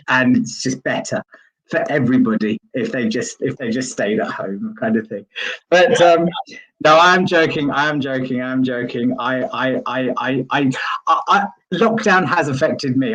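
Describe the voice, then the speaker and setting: A man's voice: mid-range voice, fairly bright tone, breathy edge, poor audio. A man from East London hosting a comedy stream over a video call, chatty and jokey, stammering and repeating himself. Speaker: comedy show host. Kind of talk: stand-up banter on a live stream.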